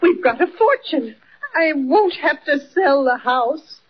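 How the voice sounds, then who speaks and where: Fretful folksy old aunt. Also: female voice, high voice, expressive, slow. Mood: tearful joy. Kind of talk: 1940s radio acting. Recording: dull old radio recording.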